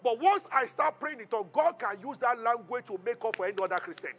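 A man preaching a sermon as pastor, retelling a Bible story with lively call-and-response to the congregation. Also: extremely high pitch, fast talker.

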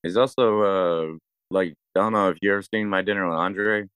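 A man's voice: low-pitched, steady tone, fairly quick, a bit bright, clear, resonant tone, no room sound. A man co-hosting a casual film chat, rambling, swearing freely, and restarting his sentences. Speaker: podcast co-host.

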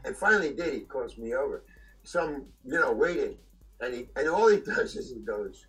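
An older man, an actor being interviewed, telling stories in a halting way with restarts and chuckles. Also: medium pitch, sing-song, a bit bright, soft background music, poor audio. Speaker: actor guest. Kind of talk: anecdotal storytelling.

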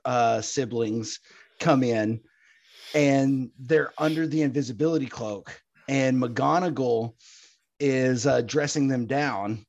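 A man co-hosting a podcast in casual chat, calmly laying out his points and retelling scenes. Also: mid-range voice, takes it slowly, no room sound, dull audio. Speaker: podcast co-host.

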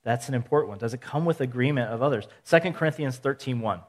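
A male pastor giving a measured sermon, teaching point by point and asking rhetorical questions. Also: medium pitch. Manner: steady, counts points aloud.

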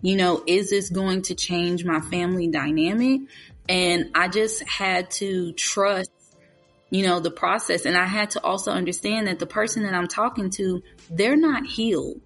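A woman talking earnestly and openly about hard conversations, speaking in bursts with quick asides. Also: on the low side, steady tone, soft background music. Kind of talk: candid conversational sharing.

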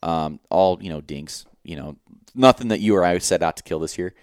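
Deep smooth-voiced man telling a hunting story. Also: normal speed, no echo, studio quality. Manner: animated storytelling, swears freely, acts out his own thoughts. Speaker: podcast co-host.

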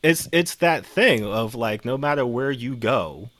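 A man chatting casually as a podcast panelist, animated, acting out quotes in shifting voices, swearing freely. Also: medium pitch, a little slow, over a noisy crowd. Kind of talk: casual chat.

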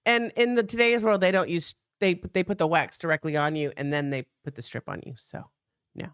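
A woman's voice: lowish voice, brisk, clear, resonant tone, no room sound, clean studio sound. A woman around fifty, co-hosting a podcast in casual, bawdy comedic chat and laughing at her own jokes. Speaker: podcast co-host.

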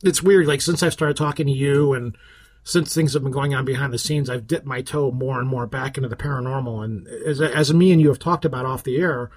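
A man's voice: medium pitch, fairly even intonation, brisk, darkish tone. A man hosting a podcast in casual, rambling chat, often restarting his sentences. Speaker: podcast host.

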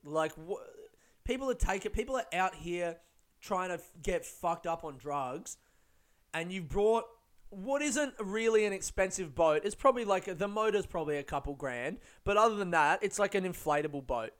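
A man's voice: high voice, lively intonation, moderate pace. A young man telling a rambling, swear-filled story, full of fillers and laughs. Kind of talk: casual storytelling.

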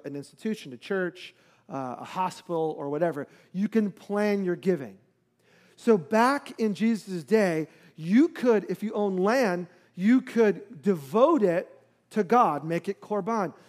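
Male pastor, higher voice, relaxed conversational sermon delivery, explains verses plainly. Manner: explanatory, conversational teaching with fillers.

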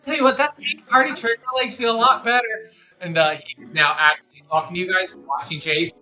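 A man narrating as game master of a tabletop game in an animated, laughing way. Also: high-pitched, a little fast, soft background music.

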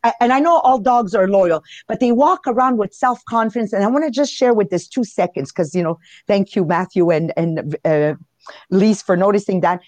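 A woman in her fifties with a heavy Italian accent, co-hosting a live podcast in a lively, chatty way and addressing listeners directly. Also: medium pitch, moderate pace, no echo. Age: 50s. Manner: animated, laughs often, talks to listeners. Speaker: podcast co-host. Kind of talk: casual live podcast talk.

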